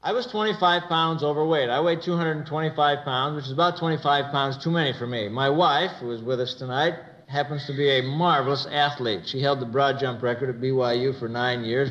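A middle-aged American man giving a motivational church talk, telling a humorous story with lively delivery. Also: medium pitch, fairly quick, hardly any pauses, muffled recording. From United States. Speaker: church speaker. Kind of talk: motivational sermon.

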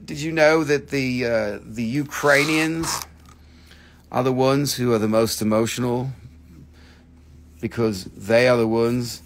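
Here a man with a medium-pitched, steady voice talks slowly with long pauses, against slight background noise. He's a crystal seller on a live stream, casually showing rocks and minerals with their prices, cracking jokes, swearing and singing snippets.

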